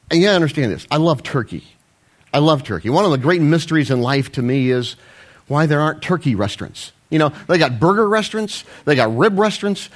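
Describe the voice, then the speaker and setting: A man, preaching a folksy, rambling sermon with self-deprecating asides. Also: high-pitched. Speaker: pastor.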